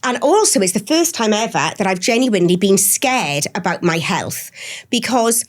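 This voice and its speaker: A Welsh woman in her forties, a podcast guest, chatting in an animated way and gasping as she tells her stories. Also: medium pitch, normal speed. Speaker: celebrity guest. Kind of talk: casual chat.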